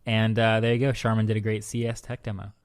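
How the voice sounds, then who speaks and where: A man co-hosting a podcast in casual chat, animated and playful, telling stories with mock exclamations, in a hotel room. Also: fairly low pitch, quick pace, clean tone. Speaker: podcast co-host.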